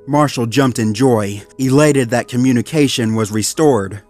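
Male narrator for a creepy story reading, middle pitch, measured delivery, faint music behind. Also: a little mellow, dry recording.

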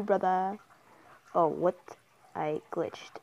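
A young woman narrates her mobile game in an excitable, casual way, cheering herself on and teasing the other players. Her voice sits a little low, and the recording sounds dull and lo-fi, as if it came from a phone mic. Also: moderate pace, a little hiss or hum. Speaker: gamer commentator. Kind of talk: casual gameplay commentary.

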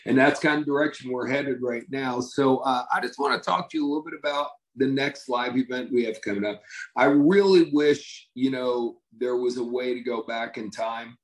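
A man gives a motivational talk to his business team, telling stories with easy enthusiasm. His voice sits at an ordinary middle pitch. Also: moderate pace, poor audio. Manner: enthusiastic storyteller, conversational. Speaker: company leader addressing his team.

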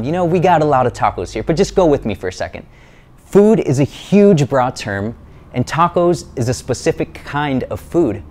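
This is a man preaching to his congregation in a mid-pitched voice. He teaches earnestly and stresses his key points, then slips in light, playful jokes. His delivery stays direct and conversational. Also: a little mellow. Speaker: church speaker. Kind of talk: sermon-style teaching video.

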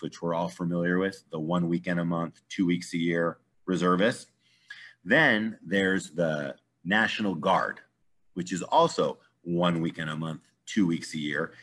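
A middle-aged man from the United States telling an animated story to a live group, acting out the people he quotes. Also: deep voice, husky. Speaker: guest speaker.

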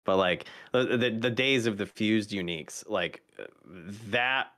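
Lowish guy host, casual gamer chat, lots of uhs and likes. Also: a bit bright. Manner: halting, filler-heavy, searching for words. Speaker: podcast host. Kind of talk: casual chat about a video game.

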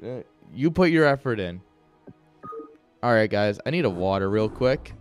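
A man's voice: on the low side, animated, normal speed, soft background music. A young man casting a live game with hyped, joking play-by-play, talking straight to his viewers. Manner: hype, joking, talks straight to chat. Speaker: esports caster.

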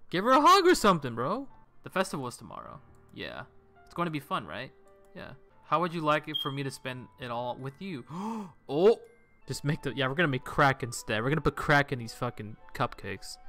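A young man playing a visual novel, reading its text aloud and breaking off into sudden, profane outbursts of surprise. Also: fairly high pitch. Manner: excitable, swears a lot, reads game text aloud then reacts with sudden shouts. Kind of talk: let's play commentary.

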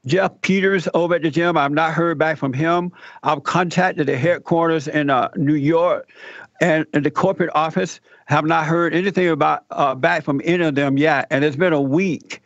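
A man telling a personal story in an interview, animated and acting out the people he quotes. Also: a little high, moderate pace, dry recording, highs cut off. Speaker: guest telling his story.

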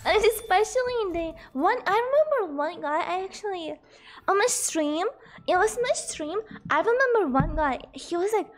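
A young woman streaming a game and chatting casually with viewers. She is sick, her voice is hoarse, and she laughs a lot and repeats herself. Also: very high voice, expressive, moderate pace. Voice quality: hoarse, voice sounds broken from illness. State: sick, coughing. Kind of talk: casual live-stream chat while gaming.

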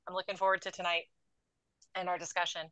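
A woman's voice: on the low side, little pitch movement, fast talker, bright, forceful tone, dry recording. A woman who is a guest on a film review panel, chatting in an upbeat way over a video call. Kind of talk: casual chat.

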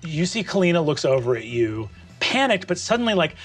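A man narrating as game master of a tabletop game, animated and quick to laugh. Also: fairly high pitch, slightly rough, soft background music. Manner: animated, lively, breaks into laughter.

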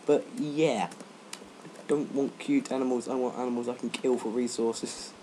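A teenage boy rambling and joking through gaming commentary, breaking into sudden loud yelps. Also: mid-range voice, steady tone, moderate pace, slight background noise. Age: teens. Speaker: let's play gamer.

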